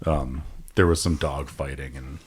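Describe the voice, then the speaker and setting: A man's voice: extremely low pitch, steady tone, a little slow, darkish tone, slight background noise. A man co-hosting a podcast, trading loose, joking banter in a casual movie chat. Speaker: podcast co-host.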